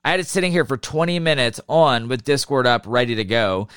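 Young guy on a podcast, smooth clear voice, dry sound, swears a lot while venting. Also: mid-range voice, fairly quick, no room sound. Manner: profane, animated ranting. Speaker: podcast co-host. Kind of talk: casual chat.

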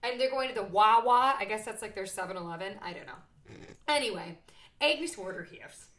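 A woman's voice: medium pitch, a little fast, a bit bright. A woman co-hosting a podcast in casual chat, joking and rambling into side stories. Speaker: podcast co-host.

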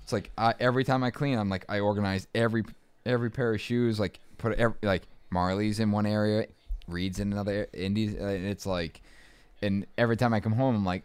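This interview guest is a man in his thirties from Boston whose accent has mostly faded to a faint trace. He talks casually and rambles, restarting and adding asides, in a lowish, slightly mellow voice with a steady tone and fairly quick pace, recorded dry.

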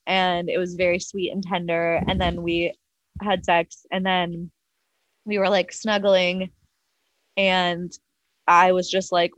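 A woman's voice: lowish voice, steady tone, unhurried, no room sound, muffled recording. A young adult woman telling a personal story as a podcast guest, chatty, full of "like" and casual swearing, acting out both sides of a past conversation. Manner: chatty, heavy use of "like", swears freely.

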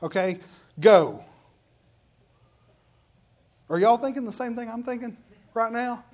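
Speaking a little fast in a mid-range voice, a pastor delivers an energetic, chatty sermon in church, regularly addressing the congregation with questions and call-outs and then driving into forceful bursts of preaching.

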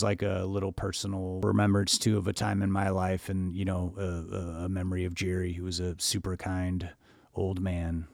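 Male podcast co-host: very low, flat, gravelly delivery, rambling and chatty, dry close sound. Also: no echo. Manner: rambling, chatty storytelling with fillers. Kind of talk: casual chat.

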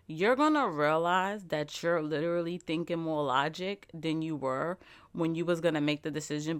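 Speaking directly to her audience, a deep-voiced young vlogger and podcaster gives a casual motivational talk. Her delivery is animated and emphatic, full of the word "like."

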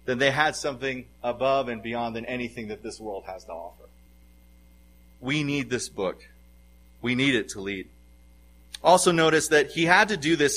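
A man's voice: medium pitch, a bit bright, poor audio. A middle-aged man preaching a sermon as pastor, earnest and emphatic, his voice swelling in bursts of force.

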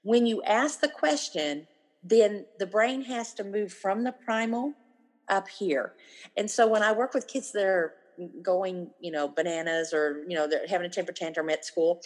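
A woman's voice: medium pitch, normal speed. A woman in her fifties, a guest in a casual interview, talking animatedly and acting out the lines of the people she quotes. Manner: animated, acts out quoted dialogue.

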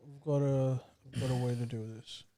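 A man hosting a podcast, excitable and quick to joke. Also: mid-range voice. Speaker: podcast host. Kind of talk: casual podcast banter.

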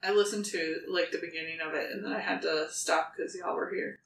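A woman co-hosting a book podcast, talking in a loose, playful way and tossing in jokes as she goes. Her voice is bright and pushed forward. The room is echoey, with a faint hum behind her. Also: low-pitched, fairly quick, gravelly. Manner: playful, jokey, animated storytelling. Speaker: podcast co-host. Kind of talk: casual book chat.

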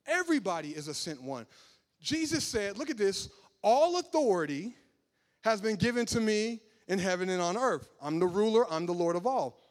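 A man preaching a sermon, talking casually with the congregation and building up to loud, emphatic passages. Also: high voice, sing-song, normal speed.

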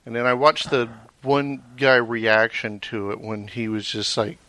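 A man appearing as a podcast guest, chatting casually about films in short, relaxed replies. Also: medium pitch, unhurried, dry recording, low-quality recording.

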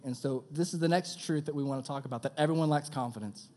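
A young man preaching a sermon in a casual, energetic style, calling out to his audience. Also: on the high side, quick pace, hardly any pauses. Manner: energetic, conversational preaching with audience call-outs. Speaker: youth pastor.

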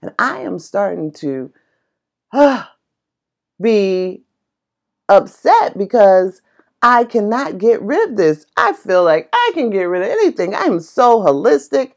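A woman casually telling a personal story in an excitable, passionate way, laughing as she talks. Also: medium pitch, a little slow. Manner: animated, excitable, laughs while talking; passionate and chatty.

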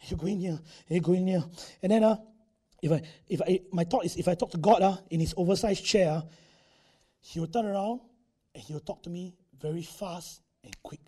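Man preaching a sermon, high voice, husky and dark, chatty with tag particles. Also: a little fast. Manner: conversational, acts out quotes, tag particles.

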